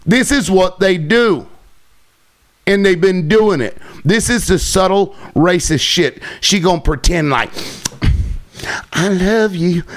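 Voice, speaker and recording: Heated, profane male commentator. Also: sits high. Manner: heated, mocking, swears heavily. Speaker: commentator reacting to a clip.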